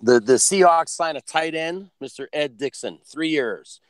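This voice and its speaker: A man co-hosting a sports podcast who brings up the topics and asks the questions, in a brisk and emphatic way. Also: on the high side, lively intonation, no room sound. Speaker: podcast co-host posing questions. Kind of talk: casual sports debate.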